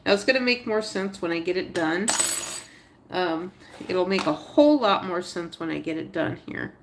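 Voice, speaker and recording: A woman's voice: lowish voice, animated, normal speed, noisy background. A woman livestreaming a crochet tutorial, thinking aloud step by step, chatting with viewers and talking to her stitches. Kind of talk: casual live tutorial narration.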